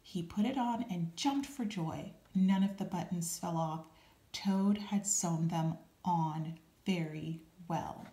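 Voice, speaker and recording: A woman reading a children's storybook aloud, calm and unhurried, adding small asides. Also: on the low side. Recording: roomy echo.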